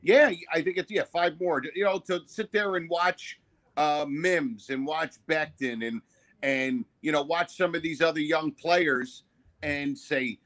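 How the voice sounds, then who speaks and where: A man's voice: a little high, a little slow, a bit bright. A man from New Jersey, a guest comedian, chatting casually over a video call with many fillers. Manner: hesitant, full of fillers.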